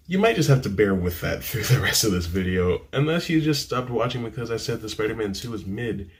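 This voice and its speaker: A man reviewing a film in casual chat to a camera, rambling and dismissive, with many fillers and restarts. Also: deep voice. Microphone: camera mic.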